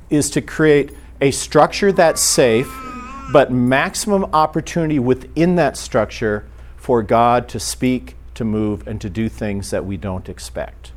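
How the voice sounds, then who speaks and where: Brief: middle-aged male pastor, informal teaching, chatty delivery with acted-out quotes. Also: mid-range voice. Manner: conversational, acts out short quoted exchanges.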